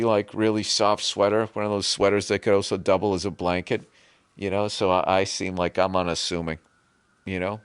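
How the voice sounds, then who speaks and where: Guy ranting on his podcast, swears a lot, lowish voice, dry sound. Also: clean tone, no room sound. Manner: profane, sarcastic ranting. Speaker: podcast host. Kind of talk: comedic rant.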